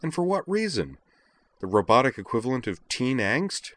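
A man voicing an angry young woman who scolds and confronts her friend, raising pitch for her lines. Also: big pitch swings, moderate pace, fairly bright tone. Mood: scolding. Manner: heated, scolding.

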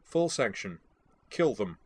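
A man voicing a cold, scornful female villain commander who gives sharp orders in an audiobook reading. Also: fairly low pitch, big pitch swings, takes it slowly, slightly rough, full character voice. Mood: sharp, commanding.

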